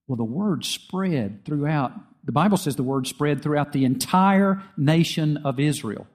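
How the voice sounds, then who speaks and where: A man's voice: a little high, expressive, measured pace, few pauses. A man preaching a sermon earnestly, often repeating phrases and restarting with small fillers. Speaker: pastor.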